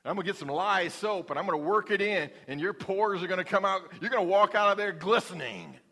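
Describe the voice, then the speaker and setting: A preacher as a teasing, homespun God, bright voice in a reverberant room. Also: male voice, high voice, brisk. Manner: folksy, teasing. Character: God as a gruff, teasing father scrubbing a sinner. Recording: long hall reverb.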